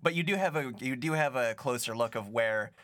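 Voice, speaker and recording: A man's voice: mid-range voice, fairly quick, a bit bright, no echo, studio quality. A young man narrating as game master in a rambling way, with many fillers.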